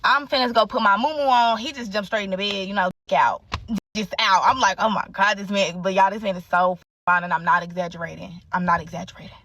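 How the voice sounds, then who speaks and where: A woman's voice: mid-range voice, fairly even intonation, fairly quick, a bit bright, dry recording, recorded from a distance. A young woman telling a candid story in casual, profane chat, full of fillers and asides.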